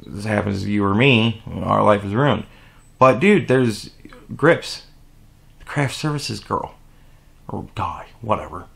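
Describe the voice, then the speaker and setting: A young man hosting his own podcast, ranting about a scandal, profane and heated, swinging from loud indignation to low muttering. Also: gravelly. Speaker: podcast host. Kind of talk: solo opinion rant.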